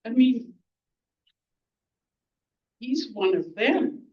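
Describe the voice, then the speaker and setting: A woman giving a blunt, angry, outspoken speech at a community event, often pausing to search for words. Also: high voice, lively intonation, far from the mic, muffled recording. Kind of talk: impromptu public speech.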